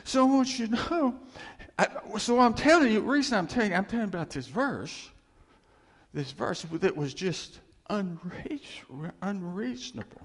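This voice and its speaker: A middle-aged man giving a personal testimony to a congregation, telling the story with lively animation and frequent chuckles. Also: high voice, normal speed, husky. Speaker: church speaker sharing testimony. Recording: long reverb of a large hall.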